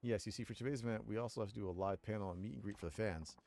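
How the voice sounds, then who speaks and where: A man's voice: on the low side, rapid-fire, creaky, a little mellow. A man voicing a polite, timid male punk band singer in a game, talking earnestly and apologetically. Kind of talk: reading game dialogue aloud.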